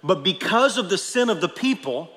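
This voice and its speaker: A man's voice: high-pitched, very animated, moderate pace, a bit bright. A man preaching a sermon as pastor, emphatic, often repeating words as he presses a point home. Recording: long reverb of a large hall.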